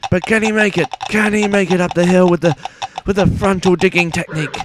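Man putting on a pompous sports announcer, excitable, formal phrasing, hissy home mic. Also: very high voice, fast, pitched above the performer's own voice, full character voice. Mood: hushed commentary. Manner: formal announcer phrasing, shouts at near misses. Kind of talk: mock sports commentary over a game.

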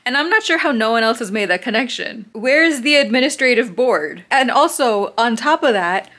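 A woman's voice: a little high, expressive, normal speed, fairly bright tone. A woman giving sarcastic, snarky commentary in a casual reading vlog, talking to a handheld camera. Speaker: book reviewer.

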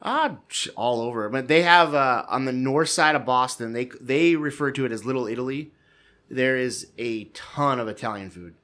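Man, podcast co-host, casual chat, rambling storyteller, bright voice. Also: mid-range voice, normal speed. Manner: rambling storyteller, frequent restarts and chuckles.

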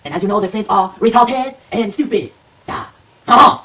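A woman's voice: medium pitch, normal speed, pushed and bright, close to an everyday voice. A woman voicing a boastful, crude male Frenchman in a silly mock French accent for a homemade comedy sketch, recorded on a distant home camera with background noise.

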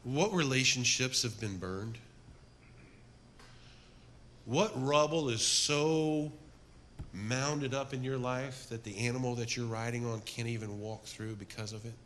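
A middle-aged man preaching a sermon to a men's group, telling stories with energy and then dropping to a soft, earnest appeal. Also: mid-range voice, a little slow, pauses often, slight background noise. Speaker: men's ministry speaker.

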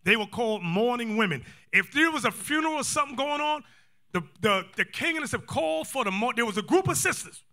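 A man teaching a scripture class in a lively, joking sermon style, acting out quotes. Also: very high-pitched, fast talker. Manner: animated, joking, acts out quotes, calls for readings.

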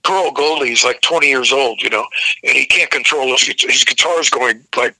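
Older man, bright forceful voice. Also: medium pitch, fairly quick, creaky, no room sound, poor audio. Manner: profane, animated anecdote-telling with restarts. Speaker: rock singer, interview guest. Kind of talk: casual interview storytelling.

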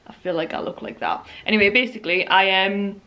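A woman's voice: mid-range voice, a little fast, dull audio. A young woman, talking casually to her camera at home in a rambling, chatty way. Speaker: vlogger. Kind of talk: casual home vlog chat. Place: at home, indoors.

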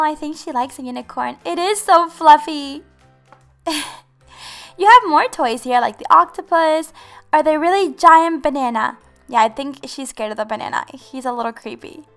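Woman, very high pitch, bubbly, giggly, gameplay roleplay commentary, faint music behind. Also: bright, forceful tone. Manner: bubbly and giggly, talking to viewers. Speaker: game channel host.

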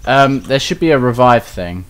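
A man's voice: medium pitch, animated, normal speed, clear, resonant tone. A man giving casual, hesitant gameplay commentary at his computer, often trailing off with ums. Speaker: let's play co-host.

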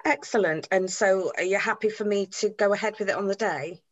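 An actress playing a funeral celebrant who is polite, patient and well-spoken. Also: female voice, medium pitch, brisk, dull audio, natural voice. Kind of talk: comedy series acting on a video call.

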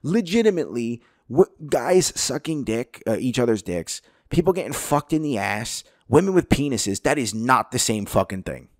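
A man's voice: mid-range voice, very animated, moderate pace, hardly any pauses, dry recording, clean studio sound. A man hosting a podcast alone, ranting in anger, swearing heavily and hammering his points home through repetition. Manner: heated, profane, emphatic repetition. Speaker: podcast host. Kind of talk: angry solo rant.

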